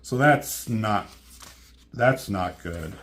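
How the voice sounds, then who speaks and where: A man with a fairly low voice talks through a comic book plot in a loose, casual way. He swears freely and keeps stopping and restarting with ums as he goes. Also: animated, extremely slow, a bit bright. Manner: rambling, profane, many ums and restarts.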